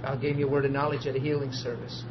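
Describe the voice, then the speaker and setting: A middle-aged man preaching a sermon built on personal testimony, animated, acting out the people in his stories and laughing easily. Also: mid-range voice, very fast. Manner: animated storyteller, acts out dialogue, laughs easily. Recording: dull lo-fi archive recording with steady noise.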